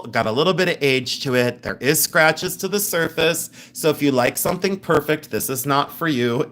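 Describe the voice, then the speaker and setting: A woman's voice: rumbling low, a bit bright. A middle-aged woman hosting a live jewelry sale in a chatty, joking way, laughing often. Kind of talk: live-stream sales chat.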